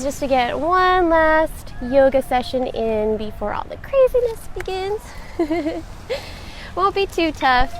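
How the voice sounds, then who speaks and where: A woman's voice: sits high, slight background noise. A woman, a yoga instructor live-streaming from the beach, chatty and welcoming as she greets her viewers. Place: outdoors on a beach.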